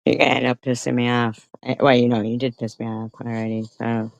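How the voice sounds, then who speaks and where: A woman's voice: extremely low pitch, level tone, a little fast, gravelly, no echo, lo-fi sound. A woman livestreamer ranting angrily at a rival, swearing constantly and confronting her directly. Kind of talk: angry livestream rant.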